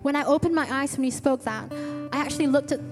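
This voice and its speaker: A woman's voice: sits high, quick pace. A woman preaching a sermon to her church, telling an earnest story with eager restarts. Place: church hall. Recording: long reverb with faint music.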